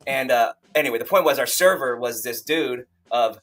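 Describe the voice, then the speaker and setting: A man's voice: medium pitch, moderate pace, fairly bright tone. An American man co-hosting a podcast, talking in a laid-back, slangy way. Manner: laid-back, slangy, says dude and bro. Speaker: podcast co-host. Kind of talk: casual podcast chat.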